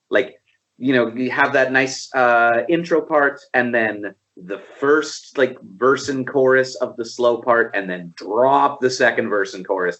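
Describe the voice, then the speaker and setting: A man's voice: medium pitch, fairly bright tone. A man co-hosting a casual music podcast, analytically laying out how the song could be trimmed. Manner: analytical, lays out how he would fix the song. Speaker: podcast co-host reviewing an album. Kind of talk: casual chat.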